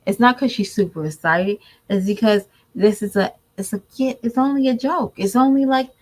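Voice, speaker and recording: A woman's voice: medium pitch, moderate pace, hardly any pauses, poor audio. A woman giving candid, preachy commentary to her viewers in a casual vlog. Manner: candid, preachy, animated mimicry. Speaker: vlogger.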